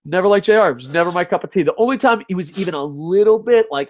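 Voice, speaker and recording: Man, live stream host, profane, ranting, laughs a lot, somewhat high pitch. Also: lively intonation, quick pace, few pauses. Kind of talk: casual live-stream chat.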